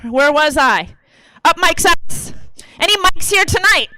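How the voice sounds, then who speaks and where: A woman's voice: extremely high pitch, expressive, unhurried, pushed and bright, no echo, rough recording. A woman in her thirties performing a profane, brash stand-up comedy set on a theater stage into a handheld mic. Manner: brash, profane, conversational delivery.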